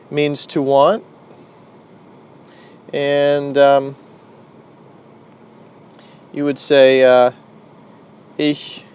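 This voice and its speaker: Man, language teacher, casual video lesson, slow pace, mid pitch, hesitant fillers. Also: darkish tone, clear, resonant tone. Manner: slow, unhurried explaining with many fillers.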